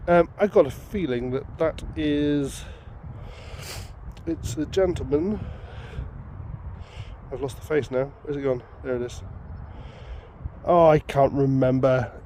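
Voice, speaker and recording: A man's voice: medium pitch, slow, long pauses, mellow, slight background noise. A man chatting upbeat to viewers while he works outdoors in a field. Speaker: metal detecting vlogger. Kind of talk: casual outdoor vlog commentary.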